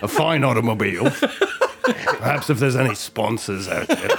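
A man's voice: medium pitch, huge pitch swings, unhurried, vocal fry. A man playing in a tabletop game who jokes and laughs with the group. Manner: joking, laughing. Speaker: player.

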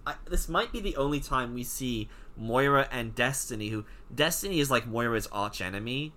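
A man co-hosting a casual comic-book podcast, animated and jokey, with lots of "like" fillers. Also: medium pitch, moderate pace, hardly any pauses. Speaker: podcast co-host.

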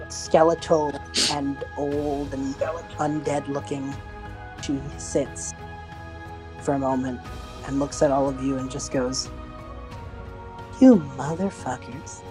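A woman narrating a tabletop game as game master, animated and swearing as she tells the story. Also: rumbling low, slow, long pauses, over music, poor audio.

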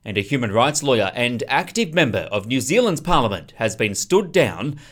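A male newsreader presents the hour's headlines on a radio station. His delivery is formal and measured, his pitch an ordinary mid to low, and his reading stays steady throughout. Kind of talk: news bulletin reading.

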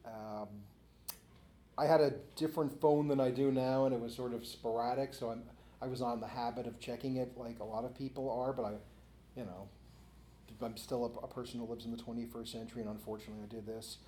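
A man's voice: medium pitch, steady tone, brisk, warm tone, slight background noise. Chatty man telling stories, roomy echo. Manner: chatty, laughs often, many "you know" fillers. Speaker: author and interview guest. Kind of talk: casual anecdotal storytelling.

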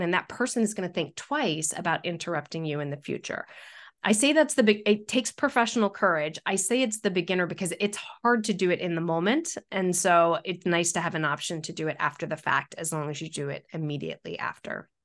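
Middle-aged woman with a lower voice, consultant giving speaking tips as a podcast guest. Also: brisk, fairly bright tone. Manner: explanatory, coaching tone with practical tips. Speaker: guest, workplace communication consultant. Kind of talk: podcast interview.

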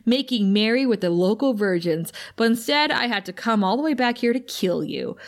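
A boastful, menacing male troll who speaks in grand, pompous phrases, read out by a woman in her own voice. The voice sits somewhat high for a troll and stays close to an everyday speaking tone. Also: animated, moderate pace. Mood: grandiose.

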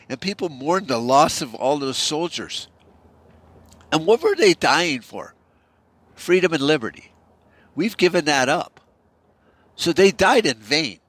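A man's voice: on the high side, fairly bright tone, no echo. A man hosting a podcast, delivering an angry, profanity-heavy political rant full of stammered restarts. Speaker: podcast host.

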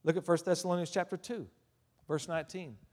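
A male preacher delivering a sermon in a large church hall, his voice trailing off in a long reverb. He sits a little higher than most men, dropping to near-murmurs and then surging into loud, ringing declarations. Hallelujahs and amens punctuate his points. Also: fairly even intonation, brisk. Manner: swings between hushed asides and loud emphatic declarations; calls out hallelujah and amen between points.

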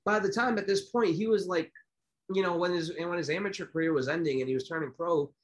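A man's voice: high voice, quick pace. A man in his thirties co-hosting a casual podcast, telling stories with lots of fillers and restarts. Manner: animated storyteller, many fillers and restarts. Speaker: podcast co-host.

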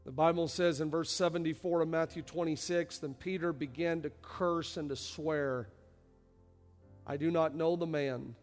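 A male pastor preaching a sermon, dropping to quiet low stretches and then rising to loud shouted passages. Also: fairly even intonation, moderate pace. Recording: reverberant hall with faint music.

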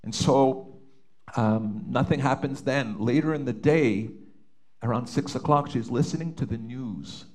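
A middle-aged man from Canada speaks at a mid pitch, telling a personal story in an earnest, heartfelt way. He pauses and restarts often, as if reliving the moments. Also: darkish tone. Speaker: father telling his story. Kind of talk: personal testimony.

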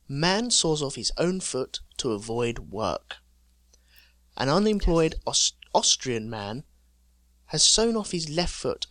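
A man's voice: fairly high pitch, a bit bright, no echo. Jokey man telling odd news. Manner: jokey storyteller, reading out news items with chuckles. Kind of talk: casual chat.

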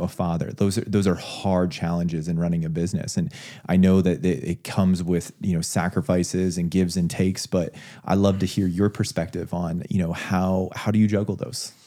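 A man's voice: deep voice, warm tone. A man hosting a podcast interview, affirming his guest and ending his points with a questioning tag. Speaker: podcast host. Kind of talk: casual interview talk.

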